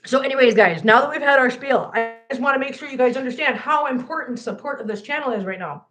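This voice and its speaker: A chatty American woman hosts a casual cat channel livestream, talking fast in a high, fairly bright voice. She jokes about herself and laughs often as she chats with viewers.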